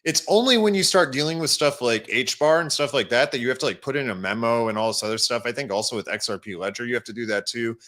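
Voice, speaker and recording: A man's voice: medium pitch, quick pace, hardly any pauses, a bit bright. A man hosting a casual livestream, rambling as he clicks through an app and greets viewers in the chat. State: has the hiccups. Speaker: crypto livestream host.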